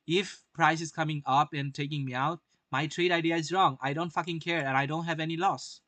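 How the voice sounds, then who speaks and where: A man's voice: fairly high pitch, fairly even intonation, a little fast, hardly any pauses, pushed and bright, no room sound. A young man doing live-stream market commentary, brash, swearing often and firing rhetorical questions at his viewers.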